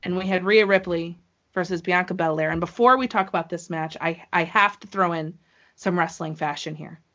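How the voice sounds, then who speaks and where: A woman's voice: on the low side, steady tone, fairly quick, a bit bright. A woman hosting a podcast, chatting casually and gushing with enthusiasm. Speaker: podcast host. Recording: muffled lo-fi podcast audio.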